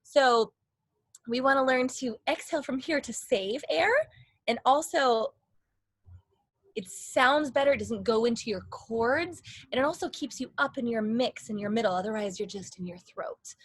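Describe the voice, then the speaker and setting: Young female vocal coach, chatty and eager, bright-ish voice, dry close sound. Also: a little high, moderate pace, husky, dry recording. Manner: excited, rambling, demonstrates with sung phrases. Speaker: singing teacher. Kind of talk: casual voice lesson.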